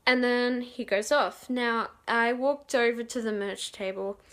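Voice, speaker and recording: Giggly and excitable, a young woman vlogger spins a casual story, her voice on the high side and a little slow. She rambles with lots of fillers and restarts, acting out quotes in loud bursts.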